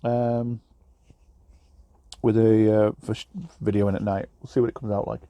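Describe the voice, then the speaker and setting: Rambling English truck driver, mellow voice. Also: male voice, on the low side, level tone, moderate pace, dry recording. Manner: rambling, self-deprecating, many fillers and restarts. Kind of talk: casual vlog chat. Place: truck cab, on the road.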